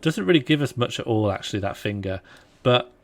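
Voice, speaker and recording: Male streamer, mid-pitched, relaxed, jokey, thinking out loud over gameplay. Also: a little fast, slight background noise. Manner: relaxed, jokey, thinking aloud while playing. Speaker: streamer playing a strategy game. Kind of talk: casual live-stream chat.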